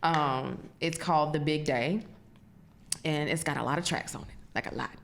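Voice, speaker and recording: A woman hosting a podcast in casual chat, telling stories in an animated way and laughing often. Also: low-pitched, normal speed, creaky, roomy sound, a little hiss or hum. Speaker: podcast host.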